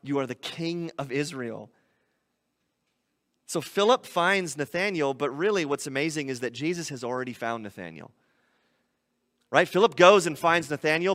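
A man preaching a sermon, animated, often acting out quoted voices. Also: on the high side, a little fast, in a large hall. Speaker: pastor.

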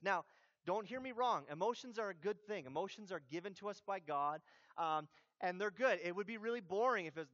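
High-voiced man preaching conversationally. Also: normal speed, dry recording, highs cut off. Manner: conversational, animated preaching with asides. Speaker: pastor. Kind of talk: sermon.

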